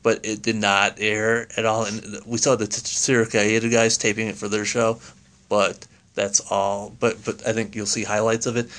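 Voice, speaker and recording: A man's voice: fairly low pitch, level tone, moderate pace, fairly bright tone. A man co-hosting a casual chat, recapping hesitantly from his notes with many fillers. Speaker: podcast co-host.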